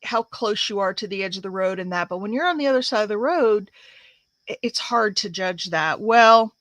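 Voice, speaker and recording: A woman's voice: mid-range voice, moderate pace, a bit bright, dry recording. A woman from the United States hosting a crafting livestream, telling a rambling story in a casual, chatty way with many fillers while she works.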